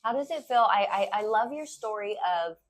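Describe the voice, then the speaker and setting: A woman's voice: fairly high pitch, fairly quick. A woman hosting a casual local talk show, bantering chattily with her guest while eating. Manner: chatty, warm banter, eats while talking. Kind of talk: casual interview chat.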